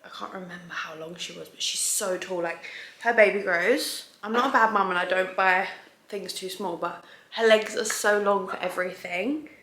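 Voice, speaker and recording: A woman's voice: medium pitch, moderate pace, pushed and bright. A woman vlogger telling a long story to the camera at home, chatty and rambling, often stopping to restart a sentence. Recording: roomy echo.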